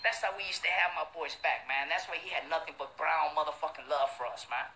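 A middle-aged man, telling a street story as a show host, loud and profane, putting on the voices of the people in it. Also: on the high side, steady tone, brisk, slight background noise. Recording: roomy echo.

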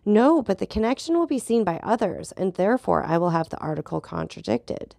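A woman voicing a proud, hot-tempered young nobleman who makes urgent, insistent demands, in a gravelly voice on a dry recording. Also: medium pitch, sing-song, fairly quick, darkish tone, dry recording, full character voice. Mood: indignant.

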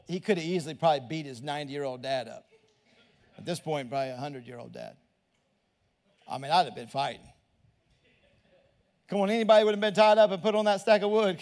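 A middle-aged man with a drawl preaches a sermon in a high voice for a man. He talks to the crowd like a friend, doubles back over his words and keeps asking them questions. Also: a little mellow. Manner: conversational, repeats words, asks the crowd questions. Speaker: pastor.

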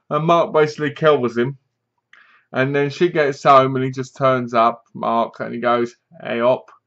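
Young man, casual film review, rambling, self-correcting, middle pitch, dull lo-fi sound. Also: a bit bright. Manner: rambling, self-correcting, acts out characters' lines.

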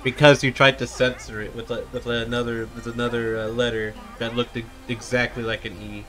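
A man's voice: mid-range voice, little pitch movement, a little fast, fairly bright tone, faint music behind. A young man streaming a game, goofing around and bickering with himself in silly voices. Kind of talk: casual gaming stream commentary.

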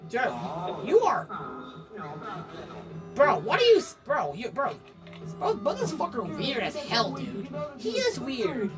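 A woman giving jumpy reaction commentary, her high voice leaping all over as she exclaims and swears. She talks slowly, a bit far from the mic, with clear music playing behind her. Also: huge pitch swings. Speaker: video reactor.

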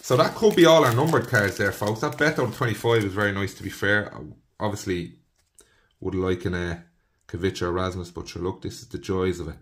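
A young man with a slightly low voice talks his viewers through a box of trading cards. He rattles off player names one after another, chatting to them casually as he goes. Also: a little fast, a bit bright. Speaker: trading card box breaker. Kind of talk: casual card-opening commentary.

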